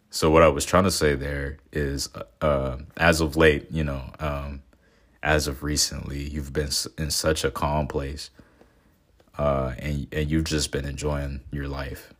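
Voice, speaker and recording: A young man of twenty with an extremely low, rumbling voice talks in an even, flat tone with little rise and fall. He rambles through his thoughts with fillers and restarts. His manner stays earnest and sentimental. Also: a little slow. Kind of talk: casual reflective talk.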